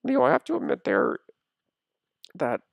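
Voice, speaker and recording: Give me a man playing a calm, high-voiced new-age guy who talks patiently. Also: a little slow, vocal fry, dry recording, full character voice. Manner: soothing, patient, mildly mystical.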